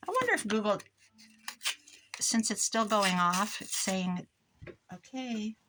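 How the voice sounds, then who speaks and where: An older woman, a grandmother and crafting vlogger, chats casually in her craft room while working on pages, rambling from one story to the next. Her voice is medium-pitched, very animated and a little slow, captured in a noisy home recording.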